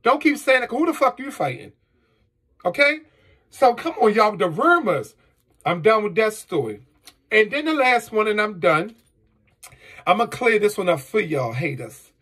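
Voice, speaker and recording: High, raspy, heated man ranting. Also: big pitch swings, moderate pace, pauses often, fairly bright tone. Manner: heated, profane, rhetorical questions. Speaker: vlogger. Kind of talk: angry monologue to camera.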